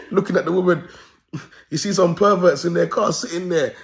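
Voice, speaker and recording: Young man, London accent, comic rant, animated, swears a lot, laughs at himself. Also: high voice, a little slow, vocal fry. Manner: animated, swearing, laughing at his own jokes. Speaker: host. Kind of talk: ranting comedic commentary.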